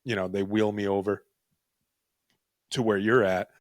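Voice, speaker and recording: Animated young man telling a wild story. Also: fairly low pitch, measured pace, no echo, clean studio sound. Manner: animated, profane, jokey storyteller. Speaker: podcast host. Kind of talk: casual storytelling.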